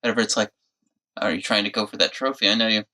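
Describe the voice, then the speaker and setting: A man co-hosts a casual podcast, filling in plot points in a laid-back way. His voice sits fairly low but has a bright, forceful edge, and he often chimes in with quick agreements. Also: steady tone. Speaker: podcast co-host. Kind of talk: casual movie recap chat.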